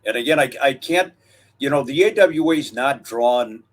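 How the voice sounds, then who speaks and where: A man's voice: medium pitch, animated. Older guy telling old wrestling stories on a podcast, lots of uhs, easygoing. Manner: storytelling, reminiscing, drawn-out pauses and fillers. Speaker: wrestling history podcast co-host. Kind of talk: casual historical chat.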